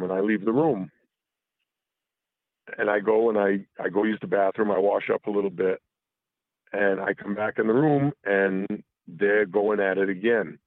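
Through a tinny phone line, a caller with a lowish, fairly even voice speaks at normal speed without echo. He's telling a talk show a candid personal story, rambling, restarting, and swearing.

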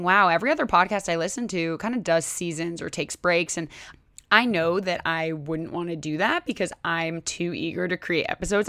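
A woman's voice: lowish voice, a bit bright, dry recording. A young adult woman hosting her own podcast, talking casually to her listeners with lots of "right?" and "like". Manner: casual, chatty, many "right?" and "like". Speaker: podcast host. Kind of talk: solo podcast monologue.

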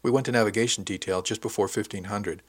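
A man narrating a novel in the first person, with measured, wry storytelling. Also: fairly low pitch, steady tone. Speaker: audiobook narrator.

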